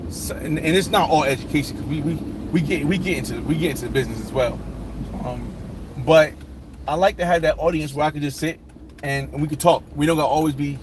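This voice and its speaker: A man's voice: fairly high pitch, background noise. A man hosting a casual live chat, rambling with many restarts and fillers.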